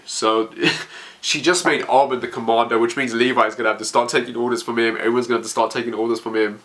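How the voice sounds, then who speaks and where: A man's voice: mid-range voice, steady tone, fast, a bit bright. A man emotionally reacting as he reads a manga chapter aloud, stammering and narrating what happens.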